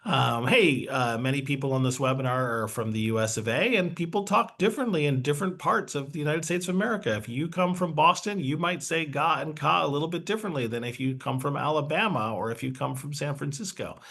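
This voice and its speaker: A man's voice: a little high, a little fast, vocal fry, hardly any pauses, fairly bright tone. A man presenting a webinar, explaining a brain training exercise in a chatty, upbeat way.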